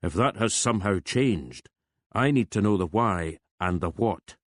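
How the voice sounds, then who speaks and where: A hard-nosed police boss with a very low voice who is clipped and insistent and leans on every word, as a male narrator plays him. The sound is dry and close. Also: lively intonation, a little slow, dry recording. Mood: stern. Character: stern male police superintendent, demanding boss.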